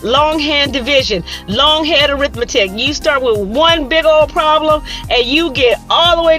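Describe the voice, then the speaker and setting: A woman in her fifties telling stories in a casual monologue, animated and sassy, acting out the people she quotes. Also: high-pitched, a little slow, hardly any pauses, soft background music. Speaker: vlogger.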